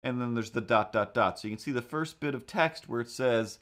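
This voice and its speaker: A man's voice: medium pitch, fairly quick, fairly bright tone. A man talking in a casual, rambling monologue, often restarting his sentences and acting out what other people said. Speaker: comic artist and vlogger.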